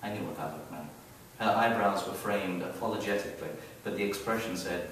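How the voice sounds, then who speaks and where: A man reading his own story aloud at a live event, wry and expressive, building up the action. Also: fairly low pitch, fairly quick, noisy background. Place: event hall, heard from the audience area. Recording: very echoey hall, mic far off.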